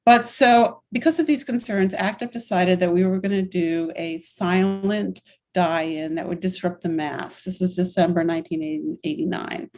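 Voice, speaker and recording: A woman's voice: fairly low pitch, fairly even intonation, normal speed, darkish tone. A woman in her sixties, a guest in a conversational interview, telling stories in long, flowing runs with a candid, emphatic manner. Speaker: interview guest, activist and writer.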